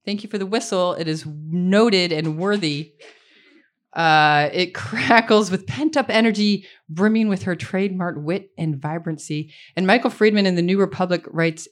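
Woman host at a live book reading, playful and self-deprecating, a fairly low voice. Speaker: event host introducing an author. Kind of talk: live bookstore introduction with banter. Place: bookstore reading event.

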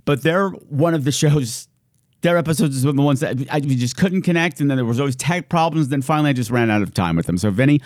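A man's voice: mid-range voice, expressive, a little fast, a little mellow, no echo, clean studio sound. A man hosting his podcast, reading out thank-yous in a playful, giddy way with hammy announcer flourishes. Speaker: podcast host. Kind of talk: casual thank-you shout-outs.

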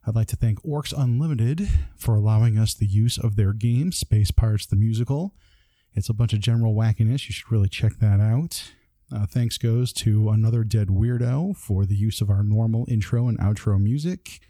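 A man hosting a tabletop gaming podcast, reading closing thanks in an earnest way with a few halting fillers. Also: lowish voice, warm tone, no room sound. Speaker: podcast host.

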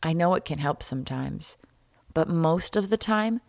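A woman hosting a solo podcast, talking candidly and wryly, jumping between loud jokes and quiet asides. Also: low-pitched, expressive, normal speed, gravelly, no echo, clean studio sound. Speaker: podcast host.

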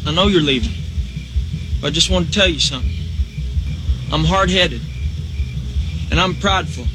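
A man's voice: fairly high pitch, moderate pace, background noise, lightly acted. An actor playing a remorseful young cowboy who pleads earnestly with his wife, stumbling over repeated words. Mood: pleading.

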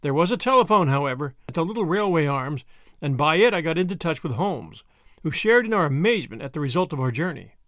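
Male audiobook narrator, measured story reading, lively pitch, dry close sound. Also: dry recording. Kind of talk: scripted narration.

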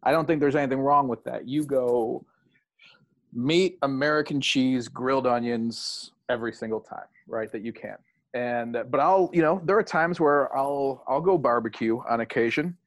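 A man co-hosting a podcast, a gravelly-voiced talker who chats casually and teases his friend in joking banter. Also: medium pitch, normal speed. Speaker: podcast co-host. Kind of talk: casual chat.

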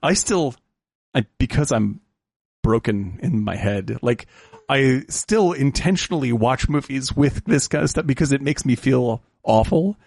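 A man co-hosting a casual film-review podcast, animated and quick to laugh, often restarting his sentences. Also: mid-range voice, vocal fry, breathy edge.

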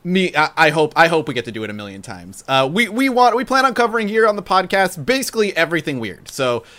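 A man's voice: on the high side, very animated, fast talker, bright, forceful tone. A man hosting a casual podcast chat, rambling and laughing often, with lots of "like". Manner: giggly, rambling, heavy use of "like". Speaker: podcast host.

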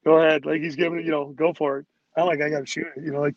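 Rapid-fire and with little pitch movement, a slightly high male voice comes through lo-fi sound. He's an ex-pro hockey player guesting casually, rambling through stories loaded with "like"s and impressions of teammates.

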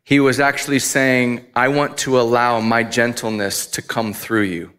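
A man's voice: mid-range voice, steady tone, unhurried, a bit bright, smooth. A man who is a father of young boys, preaching a casual, conversational sermon full of asides and self-deprecating laughs. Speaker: pastor.

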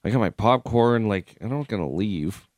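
A man co-hosts a casual sports radio show, rambling through stories and poking fun at himself. His pitch sits in the middle but moves a lot. The mic is close and dry. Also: animated, normal speed, darkish tone, dry recording. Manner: rambling, laughing, self-deprecating. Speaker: radio co-host.

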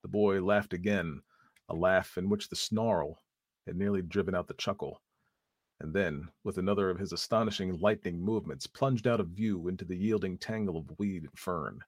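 A man reading a story aloud as narrator in a measured, even manner. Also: low voice, dry recording, studio quality.

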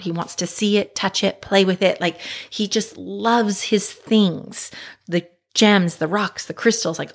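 A middle-aged woman, a mother and life coach, candidly telling a personal story in a reflective, conversational way. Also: mid-range voice. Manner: candid, self-reflective, conversational with frequent "right?" and "like".

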